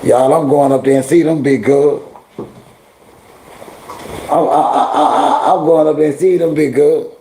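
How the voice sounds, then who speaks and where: A man's voice: on the high side, steady tone, a little slow, vocal fry, long pauses, dark tone, slight background noise. A middle-aged man hosting a casual livestream, talking straight to his viewers and chat in heavy slang and scolding them. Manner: heavy slang, drawling repetitions. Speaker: livestream host.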